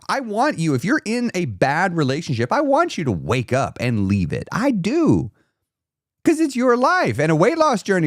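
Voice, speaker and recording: A man's voice: high voice, huge pitch swings, moderate pace, no room sound, studio quality. A man hosting a weight loss live stream, giving an emphatic, repetitive motivational talk and reading out viewer comments.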